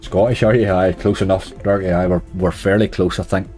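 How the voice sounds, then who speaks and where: A low-pitched Northern Irish man with a mellow, relaxed tone gives casual running commentary as a slots streamer. He chats to his viewers and grumbles whenever the game lets him down. Soft music plays faintly behind him. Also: fairly quick.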